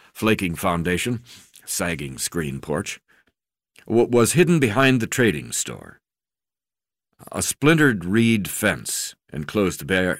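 Low-voiced man, reads his own memoir plainly, stumbles and fills pauses, dry close sound. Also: dry recording. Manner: unpolished reading with frequent uh fillers and restarts. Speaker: narrator reading his memoir. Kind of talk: reading a memoir aloud.

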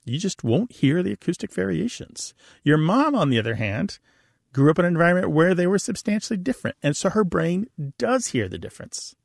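Man, linguist explaining on a call-in show, lively pitch swings, gravelly, dry close sound. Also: brisk, no room sound. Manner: explanatory, lively, laughs easily.

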